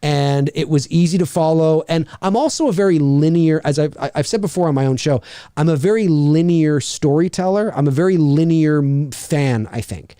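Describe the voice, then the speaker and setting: Man, podcast host, casual rant, animated, rambling, swearing, slightly high pitch. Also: moderate pace, smooth, no room sound, studio quality. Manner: animated, rambling, repeats words, swears often. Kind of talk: casual chat.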